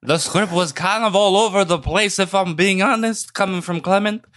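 Man co-host, higher voice, mock-serious teasing. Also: moderate pace, fairly bright tone. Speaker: podcast co-host. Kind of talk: comedic podcast banter.

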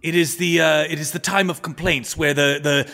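Man playing an old toady advisor: high, pleading, stammering, with a reverberant room. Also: steady tone, moderate pace, creaky, sharp tone. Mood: flustered. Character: fawning old male royal advisor.

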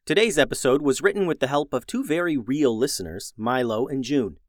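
A man narrating a scripted children's story in a gentle, expressive storytelling manner, as host of the show. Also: medium pitch, fairly quick, no echo, clean studio sound.

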